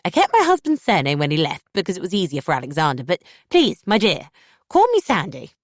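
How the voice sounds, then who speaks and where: A woman's voice: lowish voice, huge pitch swings, brisk, dry recording, studio quality, heavily acted. A woman voicing a polite, insistent middle-aged mother-in-law. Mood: gracious. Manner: gracious, insistent.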